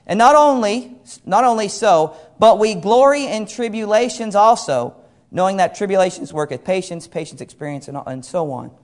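Middle-aged guy preaching, pretty high voice, earnest, quotes a lot of scripture. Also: expressive, moderate pace. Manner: earnest, repeats phrases for emphasis, quotes scripture at length. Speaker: pastor. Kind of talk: sermon.

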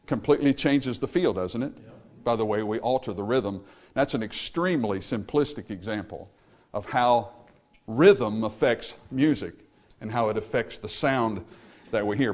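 A man preaching a sermon, talking straight to his listeners with emphasis, and sometimes singing a short phrase as an example. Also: mid-range voice. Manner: emphatic, talks straight to the congregation. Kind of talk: sermon on music.

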